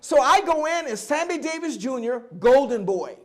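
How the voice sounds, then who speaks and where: A man in his seventies, a guest at a live oral history event, telling stories from his life in an animated way and acting out both sides of each conversation. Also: very high-pitched, normal speed. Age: 70s. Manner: animated storyteller who acts out dialogue and laughs often.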